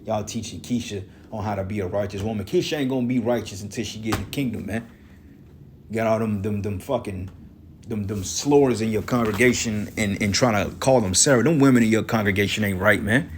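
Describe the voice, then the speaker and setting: A street preacher delivers an angry, profane rant against a rival religious group, scolding and tacking "man" onto the end of his lines. His voice is on the low side with a breathy edge and a fairly quick pace.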